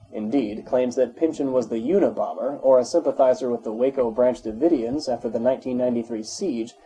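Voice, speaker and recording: A man reads an encyclopedia article aloud in a steady, even way. His tone is very dark and mellow, with a husky grain. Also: medium pitch, rough recording. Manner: steady, even reading, spells out dates in full. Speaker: narrator.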